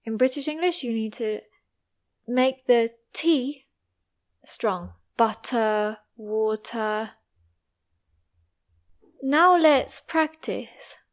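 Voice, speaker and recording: A woman gives a pronunciation lesson at a very slow, deliberate pace. Her voice sits a little high. She pauses after every example word. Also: expressive. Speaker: English teacher.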